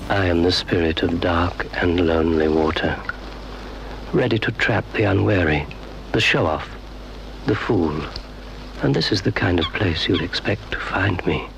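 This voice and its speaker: A gloating, creaky water spirit. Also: male voice, expressive, exaggerated voice. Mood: menacing. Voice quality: low creaky menacing. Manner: slow gloating relish. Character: sinister hooded male water spirit, gloating. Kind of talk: 1970s public information film voiceover. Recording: dull lo-fi archive film soundtrack with noise.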